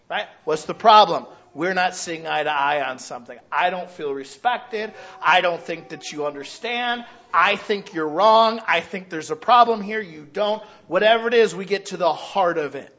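A man pastor preaching a sermon in a church, animated, asking questions aloud and acting out what people say. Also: high-pitched, normal speed, lo-fi sound. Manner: animated preaching, acting out quoted voices, shouts rhetorical questions.

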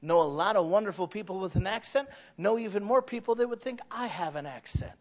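A man with a high-pitched voice preaches a sermon with passion, and his stories sometimes build to shouts. The recording sounds dull and lo-fi. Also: fairly quick. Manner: impassioned, rising to shouted emphasis; storytelling asides.

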